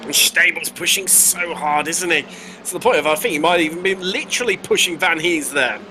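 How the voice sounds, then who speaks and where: Brief: West Country English male race caller, higher voice, excitable, self-correcting, engine noise clearly behind. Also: a little fast. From England. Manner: excitable, jokey, trips over words then corrects himself. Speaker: race commentator. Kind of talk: sim racing commentary.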